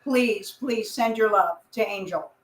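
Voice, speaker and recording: A woman's voice: mid-range voice, a little slow, reverberant, slight background noise, low-quality recording. A woman who channels a spirit guide on a live show, speaking emphatically and upliftingly to her audience. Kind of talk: spiritual talk to an online audience.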